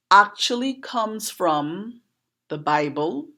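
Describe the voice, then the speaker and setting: A woman's voice: lowish voice, expressive, drawn-out words, a bit bright. A woman from Trinidad and Tobago with a Trinidadian accent, patiently explaining a proverb and asking her viewers questions like a teacher. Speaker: poet and educator.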